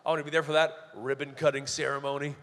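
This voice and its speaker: A man's voice: mid-range voice, little pitch movement, a bit bright. A young Canadian man doing stand-up comedy, telling sardonic, profane stories. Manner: sardonic, profane, brisk storytelling. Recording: long reverb of a live venue hall.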